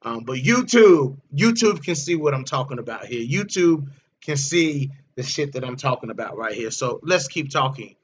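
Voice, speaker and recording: A man's voice: mid-range voice, animated, moderate pace, highs cut off, a little hiss or hum. A man hosting a casual livestream about fighting, blunt and profane, often repeating his words as he talks. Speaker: livestream host.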